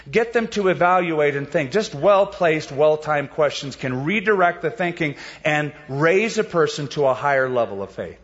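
A male preacher with a slightly high-pitched voice, delivering a sermon in a relaxed, explanatory manner full of rhetorical questions. The recording is dull and muffled. His words ring out with a long hall echo. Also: a little slow. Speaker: pastor.

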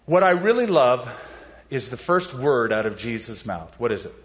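A man preaching a sermon, animated, acting out the voices he quotes. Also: medium pitch, moderate pace, long reverb tail, highs cut off. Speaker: pastor.

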